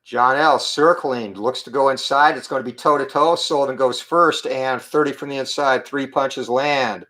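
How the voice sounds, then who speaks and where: A man with a slightly hoarse morning voice, giving play-by-play commentary on a tabletop boxing game and calling out each roll in short clipped phrases. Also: medium pitch, fairly even intonation, bright, forceful tone. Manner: calls each dice roll and punch count in quick clipped phrases.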